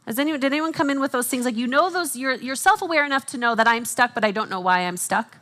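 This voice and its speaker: A woman speaking at a Christian conference, teaching with animated asides and jokes for the audience. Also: high-pitched, quick pace. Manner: animated, quotes herself and others in acted voices.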